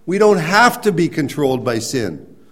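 Guy preaching, slightly higher voice, chatty explaining then gets loud and emphatic. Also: big pitch swings, moderate pace. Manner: explanatory, rises to emphatic near-shouting at points; conversational with restarts and everyday examples. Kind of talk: sermon teaching.

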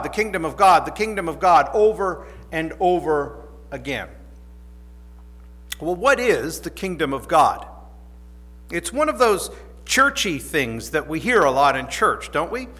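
A man with a fairly high, bright voice preaches a sermon. He reads scripture and then explains it in an earnest way, repeating phrases and sometimes restarting. A long reverb from the church room hangs on every line.

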